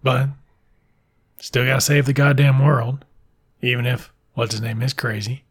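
A man tells a film's plot as a loose, profane, joking ramble. His voice is husky and slightly breathy, at an ordinary middle pitch. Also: steady tone, a little slow. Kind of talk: casual film recap.

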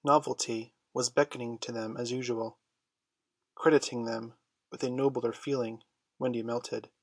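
Husky-voiced man reading a storybook. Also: mid-range voice, little pitch movement, normal speed, dry recording. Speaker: audiobook reader. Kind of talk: storybook narration.

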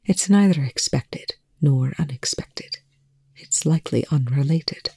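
A reader voicing a tense, sharp-tongued male scientist who speaks in a breathy, hollow whisper. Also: mid-range voice, a little slow. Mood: shaken.

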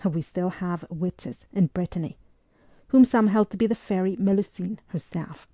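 A woman narrating a historical novel aloud, reading in a measured, even way and giving the dialogue soft voices. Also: on the low side, no room sound. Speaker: audiobook narrator.

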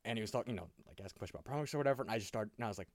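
Brief: a male podcast co-host, rapid and animated, acting out quotes in a dry, close sound. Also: lowish voice, no room sound. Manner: excitable storyteller who acts out quotes, rambling with many fillers. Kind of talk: casual podcast chat.

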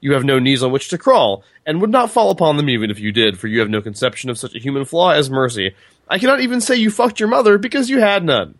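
A man's voice: fairly high pitch, big pitch swings, fast talker, no echo, pitched above the performer's own voice. A man reading as a scornful gunslinger. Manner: reading a book passage aloud with heated emphasis. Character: stern scornful male gunslinger, cutting and proud.

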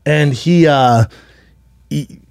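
A man's voice: fairly high pitch, very slow, creaky, a little mellow, no room sound, studio quality. A man hosting a podcast in casual chat, telling a long story in a rambling, profane way with many restarts. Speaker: podcast host.

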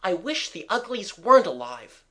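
A reader voicing a bossy, quick-thinking schoolboy giving brisk orders. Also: mid-range voice, sing-song, fairly bright tone, voice pushed up. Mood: urgent. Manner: brisk, commanding.

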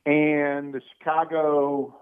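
A man's voice: a little high, flat delivery, takes it slowly, smooth, dry recording. A male caller on a call-in show, talking in a folksy, rambling way with colloquial turns of phrase. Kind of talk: casual call-in chat. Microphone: telephone. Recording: tinny dry phone line.

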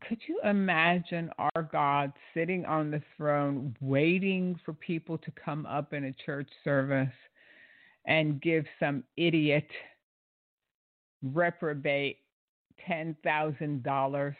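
A man's voice: on the high side, steady tone, takes it slowly, dry recording. A man giving sarcastic, indignant commentary on a preacher's clip, with plenty of fillers and restarts. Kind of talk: critical commentary on a sermon clip. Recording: tinny, dry phone-like audio.

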